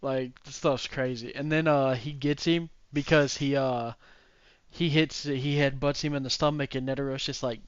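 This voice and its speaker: A man's voice: medium pitch, flat delivery, normal speed, clear, resonant tone, dry recording, highs cut off. A man co-hosting a podcast in casual chat, animatedly retelling scenes and acting out characters' lines. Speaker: podcast co-host.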